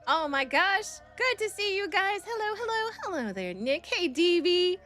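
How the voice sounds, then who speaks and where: Bubbly high-voiced woman streamer. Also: normal speed, faint music behind. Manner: bubbly, excitable, swings high on greetings. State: nervous and excited. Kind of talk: casual live-stream chat, greeting chat.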